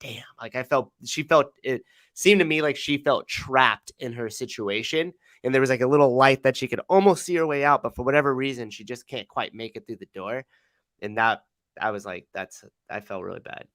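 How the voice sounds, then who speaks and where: A man at an ordinary pitch co-hosts a casual podcast chat, thinking aloud and leaning on "like" as he goes. He swears now and then, and the sound is dry and close. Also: normal speed, a bit bright, no room sound. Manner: reflective, heavy on "like", casual swearing. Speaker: podcast co-host.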